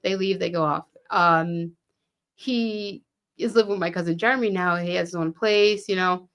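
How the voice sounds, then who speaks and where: A woman's voice: on the low side, moderate pace, fairly bright tone, clean tone. A woman from Fall River, a podcast guest telling stories casually, swearing freely and acting out quoted dialogue. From Fall River, Massachusetts. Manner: frequent "um" and "you know what I mean". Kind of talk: casual storytelling.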